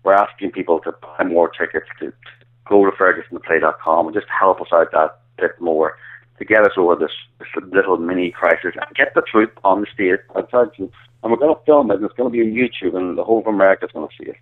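A man's voice: deep voice, fast talker. A man with an Irish accent, a guest calling in to an interview, talking earnestly and often stumbling and repeating words. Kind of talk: phone-in interview. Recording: tinny phone line.

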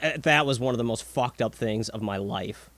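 A young man co-hosting a podcast in casual chat, swearing a lot and reacting excitedly. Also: mid-range voice, moderate pace, no room sound. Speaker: podcast co-host.

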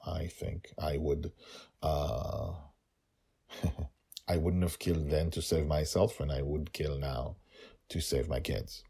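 Husky, reflective male storyteller. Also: rumbling low, fairly even intonation, slow, long pauses, mellow. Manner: reflective, emotional.

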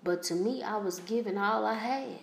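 Halting, emotional woman in an echoey room. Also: medium pitch, creaky. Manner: halting, emotional, many fillers and restarts. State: holding back tears. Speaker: podcast host. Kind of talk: personal monologue podcast.

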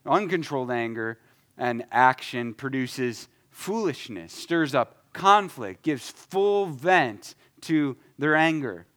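A man in his thirties preaching a sermon, emphatic, shifting between loud stresses and soft asides. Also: mid-range voice, lively intonation, slow pace. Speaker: pastor.

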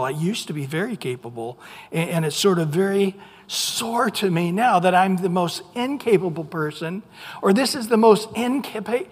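A preacher voicing an eighty-year-old shepherd who feels worn out and insignificant, speaking low and plaintively. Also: breathy edge. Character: weary eighty-year-old male shepherd, humble and self-doubting. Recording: long hall reverb.

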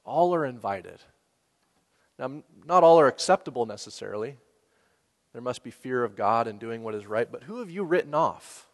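A man's voice: mid-range voice, lively intonation, normal speed. Casual preaching man in a reverberant hall. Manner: conversational, with laughs and rhetorical questions. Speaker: pastor. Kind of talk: sermon.

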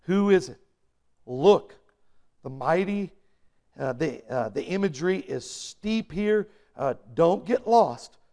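A man preaching a sermon in a high, gravelly voice. He speaks slowly and leaves room between phrases. His delivery is emphatic and now and then builds to an intense burst. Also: animated, dark tone. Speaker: pastor.

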